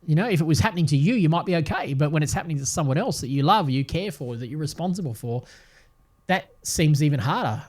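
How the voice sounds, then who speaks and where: Earnest older man, slightly high voice. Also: animated, fast. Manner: earnest and reflective, with gentle repeated restarts. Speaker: podcast host and Bible teacher. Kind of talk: devotional podcast talk.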